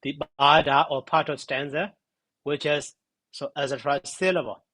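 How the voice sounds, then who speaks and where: A man giving a spoken grammar lesson, slow and halting, sounding out syllables one by one. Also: a little high, fairly even intonation, pushed and bright, no room sound, low-quality recording. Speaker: monk teaching grammar.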